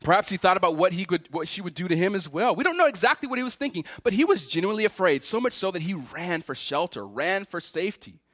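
A pastor with a high voice preaches quickly and with few pauses, animatedly voicing the words of Elijah and God with feeling. The recording is clean studio sound with no room sound.

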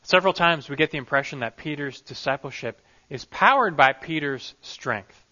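A man's voice: a little high, moderate pace, bright, forceful tone, highs cut off. A man preaching a sermon on a Bible passage, emphatic and full of rhetorical questions.

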